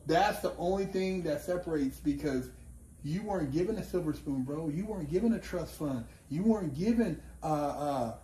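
A man hosting a casual conversation, animated and laughing, swearing freely as he tells stories. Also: on the high side, moderate pace. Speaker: podcast host. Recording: echoey room with faint ambience.

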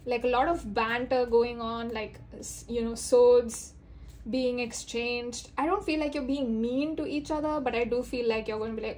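Lady doing a chatty tarot reading, kinda high voice, lots of likes and you know, acts out quotes. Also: flat delivery, moderate pace, darkish tone, a little hiss or hum. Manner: rambling, filler-heavy, acts out quoted lines. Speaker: tarot reader. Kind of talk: casual spoken tarot reading.

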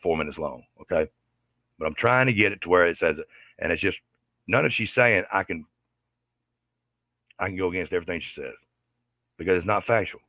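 Gravelly, low-voiced man ranting angrily. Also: sharp tone, no echo, clean studio sound. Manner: aggravated, profane, repetitive. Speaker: livestreamer. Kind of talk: angry commentary rant.

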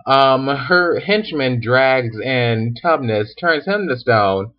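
A man's voice: mid-range voice, animated, slow pace. A tipsy man casually retelling a story with sarcastic, profane asides and giggles, in a hotel room. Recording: dull lo-fi recording.

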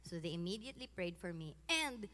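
A woman in her thirties with a Filipino accent, telling her personal faith testimony in a lively, laughing, casual way. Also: lowish voice, a little fast, in a large hall. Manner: animated, switching between English and Tagalog, laughing often. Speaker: guest giving a faith testimony.

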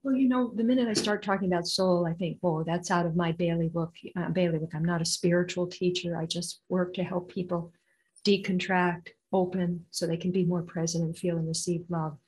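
An older woman, an intuitive healer being interviewed, telling stories with lively acted-out quotes. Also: on the low side, fairly quick, low-quality recording. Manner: animated, acts out quoted voices. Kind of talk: storytelling interview answer.

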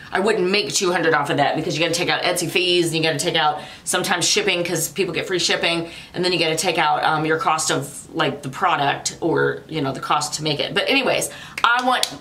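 A woman's voice: lowish voice, pushed and bright. A middle-aged woman chatting casually through an unboxing, rambling off on tangents, laughing often and swearing casually. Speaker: vlogger.

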